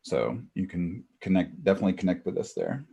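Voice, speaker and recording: A man's voice: low-pitched, big pitch swings, a little fast, creaky, dark tone, breathy edge. A middle-aged man co-hosting a webinar, chatting casually and greeting attendees by name over a video call. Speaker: webinar co-host.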